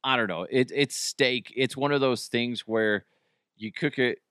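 A man in his thirties hosts a casual solo podcast at a mid-range pitch. He rambles and jokes, swears freely, and laughs at his own bits. The sound is dry and close, with no room echo. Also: unhurried, a bit bright. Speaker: podcast host.

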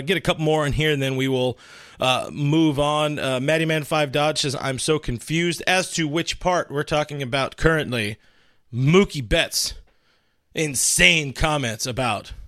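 A man hosts a casual livestream, reading chat comments out loud and rambling through them, often restarting his sentences. His mid-range voice has a fairly bright tone, captured in clean studio sound with no echo.

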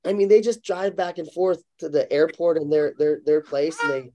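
A man's voice: on the high side, moderate pace, slight background noise. A man chatting casually on a podcast, telling stories animatedly with lots of fillers. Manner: animated storyteller, acts out quotes, lots of fillers. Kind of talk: casual chat.

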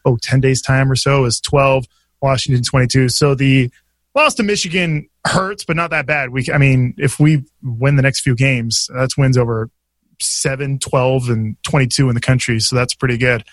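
A man's voice: mid-range voice, normal speed, no echo, studio quality. A man hosting a podcast, asking teasing questions and running the conversation in a playful, casual way. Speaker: podcast host. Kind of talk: casual chat.

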